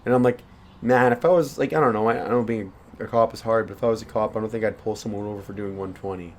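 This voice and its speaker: A man's voice: fairly low pitch, steady tone, fast talker. A young man co-hosting a casual podcast, telling a rambling story with swearing and laughs. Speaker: podcast co-host. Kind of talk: casual chat.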